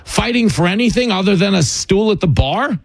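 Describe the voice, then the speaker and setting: A male talk-radio host with a gravelly, husky voice that swings lively up and down. He talks in a sarcastic, mocking way on a dry, close mic. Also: sits high, normal speed, no echo.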